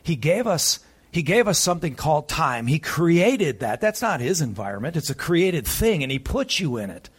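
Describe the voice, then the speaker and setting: Preacher guy giving a sermon, bit husky, gets loud then goes real quiet. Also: on the high side, big pitch swings, normal speed. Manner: preaching with sharp swings from loud urgent peaks to hushed tones.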